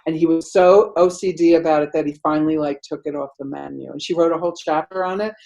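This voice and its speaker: A middle-aged woman telling a rambling story in casual chat, acting out quotes loudly with lots of "like". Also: deep voice, fast, gravelly, highs cut off. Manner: animated, acts out quotes loudly; rambling, many "like" fillers.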